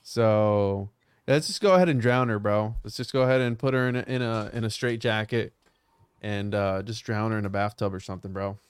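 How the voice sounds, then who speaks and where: Podcast host, man, smooth resonant voice, teasing crude banter, dry close mic. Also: fairly low pitch, fairly quick, dry recording. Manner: says "bro" constantly, teasing and loud.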